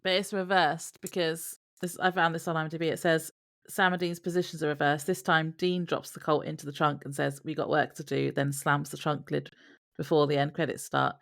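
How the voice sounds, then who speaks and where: A woman's voice: low voice, level tone, a little fast, vocal fry. A young adult woman co-hosting a podcast in easygoing casual chat, reading from her notes. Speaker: podcast co-host.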